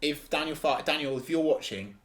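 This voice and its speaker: Give me an excitable man co-hosting a football podcast chat. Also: on the high side, fairly quick. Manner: enthusiastic, emphatic, repeats himself. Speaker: podcast co-host.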